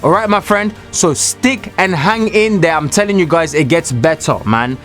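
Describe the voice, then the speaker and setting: A man's voice: on the high side, moderate pace, a bit bright, soft background music. Emphatic man preaching to camera. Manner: emphatic and repetitive, addressing viewers directly. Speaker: Christian motivational speaker. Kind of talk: preachy motivational talk to camera. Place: small room, alone.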